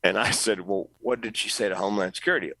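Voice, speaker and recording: A middle-aged man, a comedian, telling an animated story as a podcast guest, jumping up in pitch when he quotes people. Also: fast talker, no echo, rough recording. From North Carolina, US. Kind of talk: storytelling interview.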